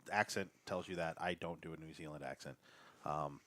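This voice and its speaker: A man's voice: extremely low pitch, fairly quick, bright, forceful tone. A man playing a tabletop game, describing his character in a casual, jokey way. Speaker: player.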